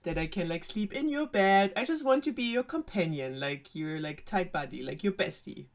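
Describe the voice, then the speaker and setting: A woman's voice: on the low side, expressive, moderate pace. A talking frog who chats in casual slang and pushes his own terms, as a German woman puts him on. He is friendly and a bit demanding, with a German accent. The voice stays close to the storyteller's own. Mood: pushy.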